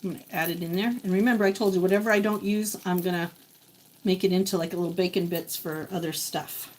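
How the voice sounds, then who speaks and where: A woman's voice: on the low side, steady tone, fast, darkish tone, poor audio. A woman in her forties chatting casually with viewers as she cooks breakfast in her home kitchen, often talking to herself. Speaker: vlogger. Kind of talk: casual chat while cooking. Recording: faint kitchen sizzle behind.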